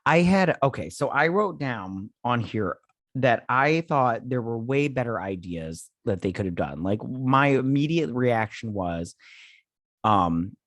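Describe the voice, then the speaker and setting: A man's voice: mid-range voice, lively intonation, measured pace, a bit bright, no echo. Tipsy guy ranting on a movie podcast, swears a lot, dry close mic. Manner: rambling, swearing, trailing off. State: drunk. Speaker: podcast co-host. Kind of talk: casual movie-review chat.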